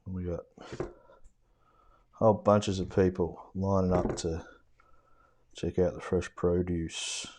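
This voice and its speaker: A man's voice: low-pitched, flat delivery, slow, long pauses, dark tone. An Australian man giving a casual watercolour demo, muttering offhand remarks to himself as he paints and sometimes dropping to a whisper. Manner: self-mocking, offhand with mild swearing.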